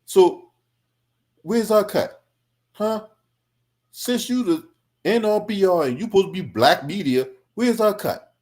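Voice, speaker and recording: A man's voice: high-pitched, lively intonation, measured pace, long pauses, a little mellow. Angry, profane man in heated commentary. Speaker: political commentary streamer.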